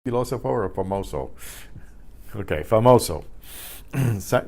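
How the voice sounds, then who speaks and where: An older man teaching beginner Spanish, patiently spelling out letters, repeating words and often clearing his throat. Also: fairly low pitch, animated, normal speed, long pauses, darkish tone. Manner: frequent throat clearing and self-corrections. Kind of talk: beginner language lesson.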